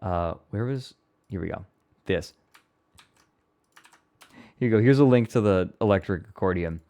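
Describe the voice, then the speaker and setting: A man hosting a casual live stream, chatty and quick to laugh, with a slightly irritated throat. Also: low voice, dark tone. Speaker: streamer reviewing viewer submissions.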